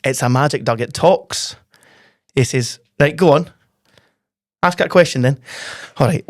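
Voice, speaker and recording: A man's voice: medium pitch, measured pace. Scottish man telling jokes. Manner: joke-telling, animated storytelling. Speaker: podcast host. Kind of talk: casual football chat.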